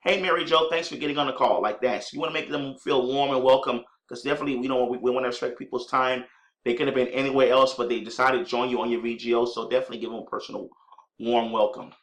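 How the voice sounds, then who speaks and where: A man enthusiastically teaches network marketing conference-call skills, often calling his listeners ladies and gentlemen and performing sample call greetings in an upbeat voice. His mid-range voice is fast but flat, and he clears a scratchy throat. The room sounds echoey.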